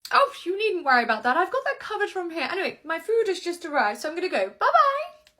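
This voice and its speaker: A woman plays a dismissive mother who waves away every worry in a breezy, sing-song tone. She sits up in a very high, bright register and talks a little louder than the others. Her pitch bounces a lot. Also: huge pitch swings, quick pace, full character voice. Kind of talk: comedy sketch acting.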